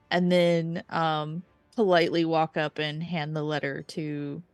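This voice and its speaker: Low-voiced woman playing a tabletop game. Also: steady tone, measured pace, hardly any pauses, no echo, faint music behind. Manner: soft-spoken, describing her character's actions. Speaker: player. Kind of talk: tabletop role-play.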